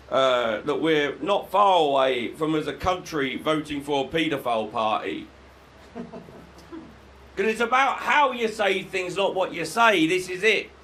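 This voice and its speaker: A man from the UK doing a live stand-up set, crude and sardonic, breaking into shouted rants. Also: on the high side, poor audio. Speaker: stand-up comedian. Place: comedy venue with live audience.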